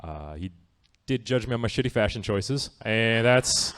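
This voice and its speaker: This stand-up comic on a theatre stage has a lowish, slightly bright, clear and resonant voice with lively intonation, delivered at a measured pace. He chats with the audience in a wry, easygoing manner, often tossing out "right?" to check they're with him.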